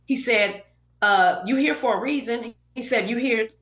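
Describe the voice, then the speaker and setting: A woman's voice: fairly high pitch, normal speed. A middle-aged woman from Los Angeles, a podcast guest telling a story and acting out the lines of everyone in it. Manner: animated storyteller acting out quoted dialogue. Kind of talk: casual storytelling interview. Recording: roomy echoey podcast room.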